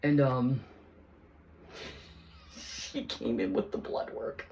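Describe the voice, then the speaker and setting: A woman vlogger telling a personal story in a heated, profane, rambling way. She keeps restarting her sentences and swings between hushed asides and near shouting. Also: extremely low pitch, fairly even intonation, slow pace, a little hiss or hum, rough recording. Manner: rambling with many restarts and fillers.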